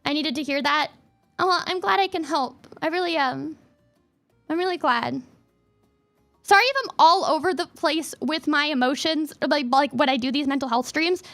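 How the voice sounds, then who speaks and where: A woman's voice: sits high, moderate pace, fairly bright tone, faint music behind. A young woman streaming live, talking casually and rambling with feeling, fillers all through. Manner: rambling and emotional, many "like" fillers. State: teary, near crying. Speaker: VTuber streamer. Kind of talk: casual livestream chat.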